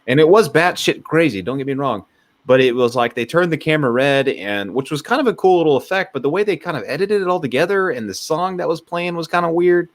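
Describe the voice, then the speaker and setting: A man's voice: on the high side, fairly quick. Rambling, jokey male podcast co-host. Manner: rambling, jokey, animated storytelling. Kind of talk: casual movie discussion.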